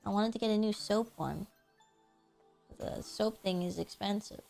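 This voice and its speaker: A woman streaming while she plays a game, telling stories in a giggly, animated way, laughing often and swearing casually. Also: mid-range voice, a little slow, vocal fry. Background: faint background music.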